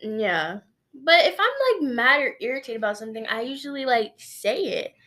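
A woman's voice: a little high, big pitch swings, normal speed, pushed and bright. A woman in casual chat who laughs often and pushes back playfully.

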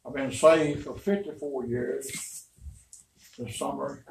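A man's voice: medium pitch, fairly even intonation, takes it slowly, vocal fry, a little mellow. An older man, a pastor, preaching a storytelling sermon in a folksy, rambling, emphatic way. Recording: roomy, distant, faint noise.

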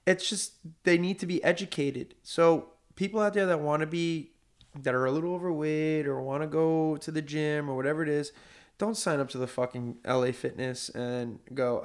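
A man's voice: on the high side, steady tone, moderate pace. Blunt, profane man chatting. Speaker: works with clients. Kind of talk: casual chat.

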